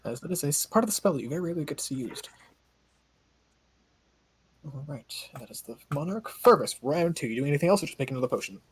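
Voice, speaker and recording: A man running a tabletop game as game master, briskly reading out rules, his voice starting to give out. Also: a little high, lively intonation, slightly rough. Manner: brisk, reads rules aloud. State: voice giving out.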